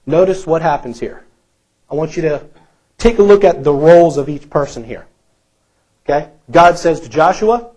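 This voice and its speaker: Emphatic preaching pastor, higher-voiced man. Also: lively intonation, normal speed, long pauses, darkish tone, low-quality recording. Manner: emphatic preaching with repeated phrases and rhetorical questions to the congregation. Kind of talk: sermon. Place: church.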